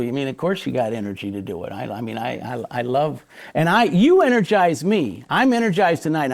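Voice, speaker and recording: A pastor and guest speaker from the Chicago area gives a live on-stage interview, emphatic and energetic. His somewhat dark voice sits a little high for a man, and he trips over repeated words while driving his points home.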